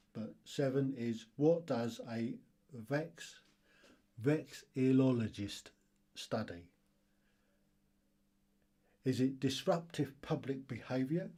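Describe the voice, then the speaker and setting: A man hosting a casual quiz video, chuckling often and reading the questions out slowly. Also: mid-range voice, warm tone, husky. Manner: chuckling, self-deprecating, reads questions slowly. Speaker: quiz host.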